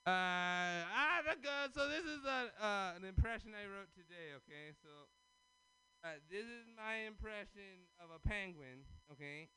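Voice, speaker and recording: A man performing stand-up at an open mic, talking fast and working the crowd. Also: high voice, animated, sharp tone, clean tone, poor audio. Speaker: stand-up comedian.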